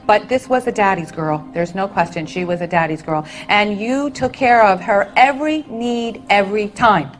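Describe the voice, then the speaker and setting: A woman's voice: medium pitch, lively intonation, normal speed, hardly any pauses, faint music behind, rough recording. Soothing woman medium addressing an audience. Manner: soothing, calls people honey and sweetheart. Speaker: psychic medium. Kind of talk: stage reading for an audience.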